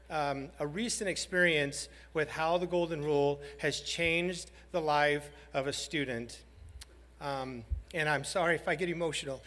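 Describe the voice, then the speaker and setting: A man, a high school principal, giving a heartfelt banquet speech and telling a story with some halting pauses. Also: a bit bright. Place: large banquet hall. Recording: hall reverb.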